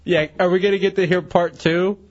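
In a muffled radio broadcast with faint music underneath, a man co-hosting the show jokes in a mocking, sarcastic way. His voice is high and brisk, with little movement in pitch.

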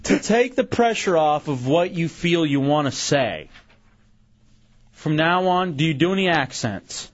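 A man's voice: fairly high pitch, lively intonation, a little slow. Bossy, teasing male radio host. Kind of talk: casual radio banter. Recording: muffled radio broadcast.

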